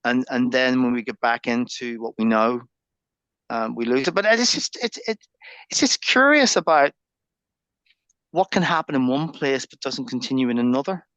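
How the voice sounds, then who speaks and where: A man's voice: medium pitch, lively intonation, normal speed, fairly bright tone, no room sound, dull audio. A man, a podcast guest who muses and thinks aloud in reflective conversation. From Northern Ireland.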